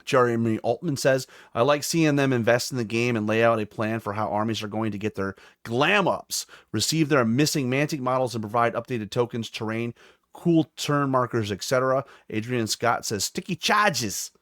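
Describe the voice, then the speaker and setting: A man's voice: medium pitch, moderate pace, no room sound. Upbeat male podcast host, dry sound. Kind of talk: casual chat.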